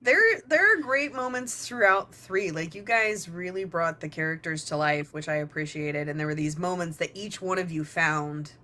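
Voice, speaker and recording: A woman's voice: lowish voice, moderate pace, hardly any pauses, bright, forceful tone, a little hiss or hum. A woman talking through the making of an episode on a commentary track, explaining the production. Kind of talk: casual commentary chat.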